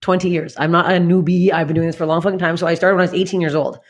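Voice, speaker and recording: Woman comedian in her late 30s; rapid-fire, blunt, profane storyteller. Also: fairly low pitch, breathy edge. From Canada. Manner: blunt, swears constantly, animated retelling. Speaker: guest comedian. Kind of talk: candid podcast storytelling.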